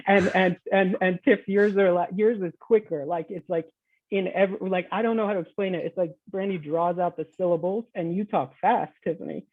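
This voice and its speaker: A man's voice: high-pitched, normal speed, no room sound. A man chatting casually in a group video call, laughing between thoughts. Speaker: roundtable participant. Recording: tinny dry phone-like call audio.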